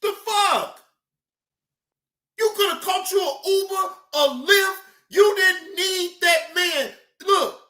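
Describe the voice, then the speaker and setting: Very high-voiced woman shouting profane scolding. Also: takes it slowly. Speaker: reaction video host. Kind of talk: heated reaction commentary. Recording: roomy echo.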